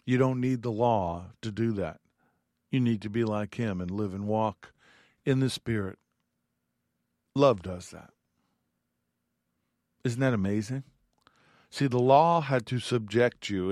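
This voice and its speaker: A man teaches from the Bible in an earnest, heartfelt way, reading scripture aloud between his own thoughts. His voice sits at an ordinary middle pitch. The recording is close and dry, with no room sound. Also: darkish tone, dry recording.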